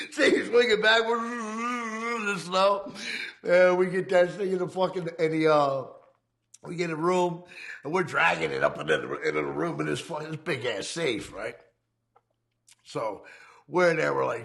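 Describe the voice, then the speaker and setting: A man's voice: a little high, gravelly, a bit bright. A man, telling a rambling, profane crime story in casual conversation and laughing as he goes. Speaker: ex-convict telling his story.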